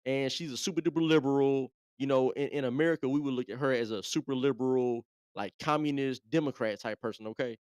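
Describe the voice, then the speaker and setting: A man's voice: mid-range voice, fast talker, few pauses, darkish tone, clean tone, no room sound, clean studio sound. A man hosting a live show, talking in a laid-back, chatty way and often repeating himself. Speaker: host. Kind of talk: casual live commentary.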